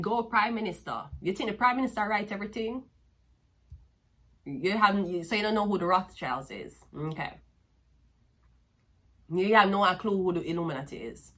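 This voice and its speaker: A woman's voice: medium pitch, a bit bright. A woman with a Jamaican accent giving a tarot reading, cursing and mocking the listener as she talks. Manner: profane, mocking and sassy, with frequent laughs. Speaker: tarot card reader.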